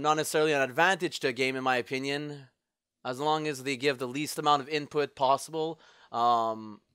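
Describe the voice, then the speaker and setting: A young man hosting his own gaming video, talking through play and breaking into shouted curses and groans. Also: medium pitch, no room sound. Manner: shouts, curses and groans at the game in sudden outbursts. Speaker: gaming channel host. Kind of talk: raging gameplay commentary. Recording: loud game audio under the voice. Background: game sounds.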